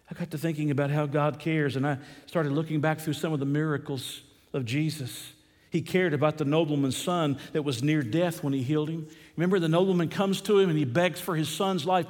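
A man preaching a sermon, moving between hushed and loud emphatic passages and repeating key phrases slowly. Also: a little high, long reverb tail.

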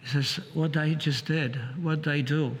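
A man preaching, retelling another man's conversion story in a halting, repetitive way, with many restarts. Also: on the high side, steady tone. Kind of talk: sermon storytelling. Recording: long hall reverb.

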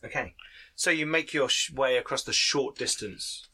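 A man's voice: medium pitch, normal speed, pushed and bright, husky. A man narrating as game master of a tabletop game, laughing often.

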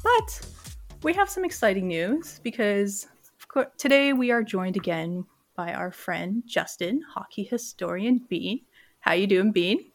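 A woman's voice: medium pitch, lively intonation, measured pace, faint music behind. A woman hosting a casual sports podcast, bubbly and giggly, sometimes tripping over her words. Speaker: podcast host.

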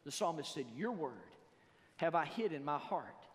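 A man preaching a sermon in a church, reading scripture slowly and building to loud emphatic passages. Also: on the high side, lively intonation, in a large hall. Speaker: pastor. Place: church sanctuary.

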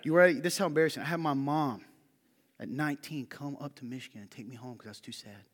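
A man preaching as a pastor, telling personal stories in an animated, joking way that swings from quiet asides to loud, excited delivery. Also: medium pitch, fast talker. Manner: animated storytelling, shouting when quoting a friend. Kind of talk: sermon. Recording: long hall reverb.

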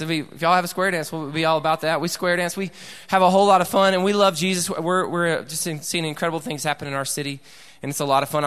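A man's voice: on the high side, fairly bright tone, clear, resonant tone. A man in his thirties from Alabama with a Southern accent, a youth pastor preaching to teenagers at a conference, folksy and joking, getting the crowd to call back. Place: large church auditorium. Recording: echoey hall reverb.

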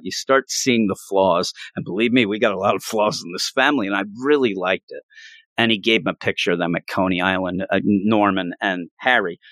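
A man's voice: lowish voice, a bit bright, no room sound. A middle-aged man chatting casually as a comic book podcast co-host, often acting out characters' lines in a raised voice. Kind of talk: casual comic review chat.

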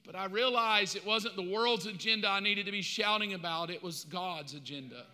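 Bright-voiced impassioned male preacher. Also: high-pitched, normal speed. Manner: impassioned, swings from loud preaching to quiet asides. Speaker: pastor. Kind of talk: sermon. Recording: long hall reverb.

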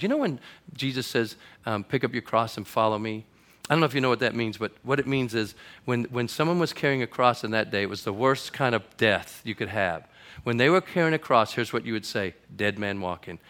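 Bright-voiced man preaching a sermon. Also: on the low side, a little fast, few pauses. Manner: conversational preaching, builds from quiet to loud and emphatic. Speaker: pastor.

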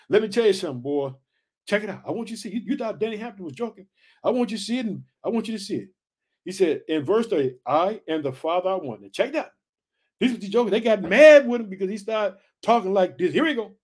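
A man preaching an energetic sermon to listeners he calls family, excitable and repeating himself as he reads scripture. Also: high voice, a little fast.

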